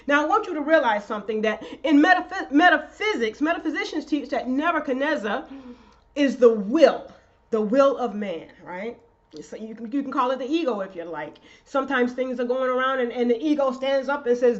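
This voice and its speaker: A woman pastor preaching a sermon, excitable and rising to shouts. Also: high voice, moderate pace, muffled recording.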